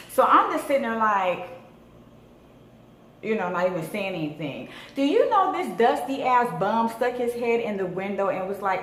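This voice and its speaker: Animated woman telling a storytime. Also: a little high, normal speed. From Southern California. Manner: animated, dramatic storytelling with lots of swearing and slang. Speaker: vlogger. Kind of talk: storytime vlog. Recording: echoey room with faint noise.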